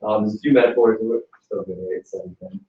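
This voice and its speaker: A man giving an energetic, joking motivational talk to a group at a business mixer, heard from across an indoor event space. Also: lowish voice. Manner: energetic, joking, quick asides. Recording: echoey room from far off, dull sound.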